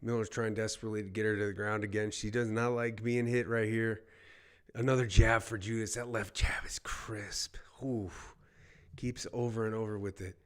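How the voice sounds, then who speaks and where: A man streaming casual live play-by-play of a fight, excitable and chatty, repeating short exclamations and talking to his viewers by name. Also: fairly low pitch, moderate pace.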